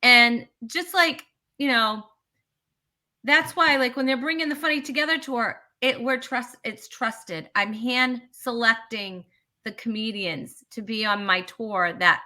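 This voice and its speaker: A woman's voice: fairly high pitch, unhurried, sharp tone. A woman comedian talking as a guest in a casual interview, chatty and emphatic, with frequent restarts.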